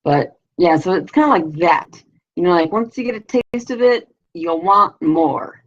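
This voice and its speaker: On a dull, lo-fi live stream, a middle-aged woman chats at an unhurried pace in a lowish voice with vocal fry and lively intonation. Her talk is slangy and rambling, loaded with fillers and offhand swearing.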